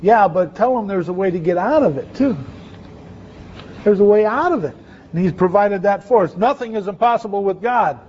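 With an expressive, high-pitched voice at a moderate pace, a man gives a conversational sermon full of questions for his listeners. The sound is lo-fi with slight background noise.

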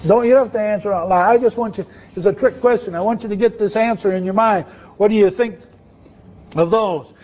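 A man with a high voice speaks briskly as he preaches in a conversational manner, asking the audience questions. The recording's highs are cut off.

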